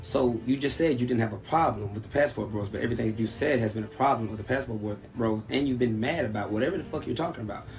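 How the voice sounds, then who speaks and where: A man's voice: medium pitch, fast, few pauses, soft background music. A man in a combative, profane rant. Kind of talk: angry rant.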